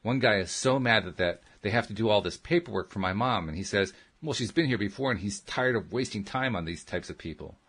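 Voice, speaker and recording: Radio host guy reading a book out loud, deep and kinda raspy, steady earnest tone. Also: fairly quick, hardly any pauses. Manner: steady, earnest storytelling in the first person. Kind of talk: reading a memoir aloud.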